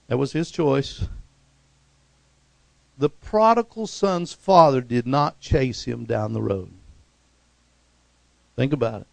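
Middle-aged male preacher, gravelly, dry close sound, animated delivery with loud high bursts. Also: no room sound. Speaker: pastor. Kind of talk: sermon.

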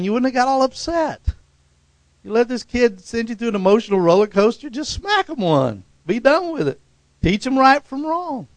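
A middle-aged man preaching a sermon, animated, leaping into loud high-pitched bursts when he acts out quotes. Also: moderate pace, no echo. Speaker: pastor.

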